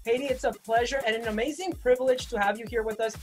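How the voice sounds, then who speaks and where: A woman's voice: a little high, fairly even intonation, fast talker, faint music behind. A woman hosting a casual interview, asking questions in an upbeat, playful way. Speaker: host.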